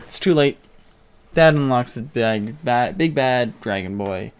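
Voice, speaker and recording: A young man co-hosting a podcast, casually retelling a movie in a rambling, jokey way with quick mock voices. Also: mid-range voice, expressive, smooth. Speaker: podcast co-host. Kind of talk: casual movie recap chat.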